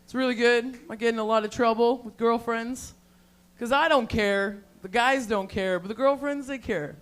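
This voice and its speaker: A woman doing a live stand-up set on a bar stage, with brash, crude, loud confessional jokes on a handheld mic. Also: fairly high pitch, moderate pace. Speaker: stand-up comic.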